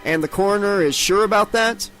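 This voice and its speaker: A grim small-town sheriff, as a man puts him on, curt and businesslike. His voice rides somewhat higher than the reader's own, clipped and firm. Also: brisk, a bit bright, soft background music.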